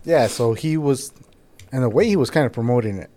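A man's voice: medium pitch, fairly quick, warm tone. Profane young man telling stories. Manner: profane, storytelling, laughs often. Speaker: podcast co-host. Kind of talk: casual crude banter.

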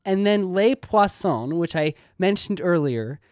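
A man's voice: high-pitched, expressive, measured pace, darkish tone, dry recording, studio quality. A young man hosting a casual video essay, rambling with many "likes" and restarts.

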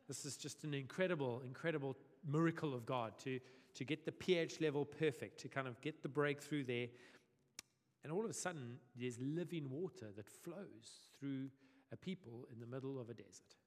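A male pastor preaching a sermon in a lively, conversational way with humorous asides, in a long hall reverb. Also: on the high side, normal speed.

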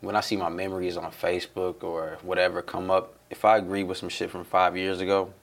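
A man's voice: deep voice, level tone, brisk. A man co-hosting a podcast in casual chat, talking in emphatic, laid-back slang. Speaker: podcast co-host.

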